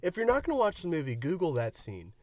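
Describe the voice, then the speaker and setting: A man's voice: fairly high pitch, fast talker, no echo. A man co-hosting a podcast, chatting casually and cracking jokes about a movie. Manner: animated, jokey. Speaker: podcast co-host. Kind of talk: casual movie review chat.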